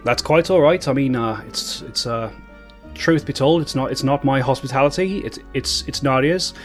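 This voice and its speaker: Male GM voicing a fussy, hospitable motherly woman; fantasy game, she trips over her words, mid-pitched. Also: moderate pace, soft background music, lightly acted. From Britain. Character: bustling motherly woman caretaker of two boys.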